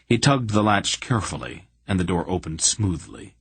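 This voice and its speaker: A man narrating a fantasy audiobook in a measured, deliberate reading. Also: deep voice, sing-song, husky, no echo. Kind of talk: scripted narration.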